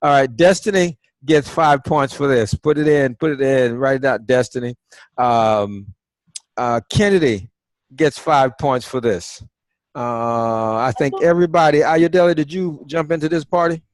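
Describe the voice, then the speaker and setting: A man's voice: medium pitch, steady tone, a little slow, dry recording. A man teaching an online class over a video call, quizzing and coaxing his students in a conversational way.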